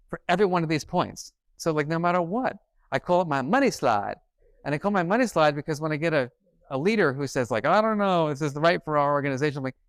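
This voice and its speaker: A middle-aged man giving a conference keynote, telling stories and acting out quoted dialogue in an animated way. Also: medium pitch, no room sound. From New York. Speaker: keynote speaker. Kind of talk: conference talk, storytelling. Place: conference stage.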